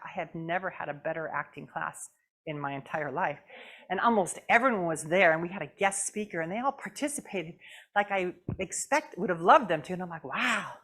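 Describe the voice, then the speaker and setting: A woman guest speaker giving a conversational sermon, expressive and acting out her inner thoughts. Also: medium pitch. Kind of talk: sermon with puppetry.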